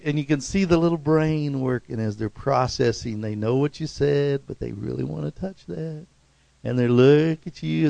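A middle-aged man preaching a sermon, animated, leaping into loud high-pitched bursts when he acts out quotes. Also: vocal fry, no room sound. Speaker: pastor.

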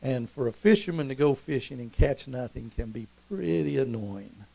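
A middle-aged man preaching a storytelling sermon, conversational and animated, and acting out scenes along the way. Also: mid-range voice, normal speed, creaky, breathy edge, poor audio.

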